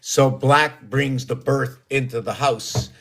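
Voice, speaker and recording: Guy rambling slow on his livestream, numbers and hidden meanings, kinda meandering. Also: medium pitch, gravelly. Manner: musing, meandering, numerological. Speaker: livestream host. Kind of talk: rambling solo livestream talk.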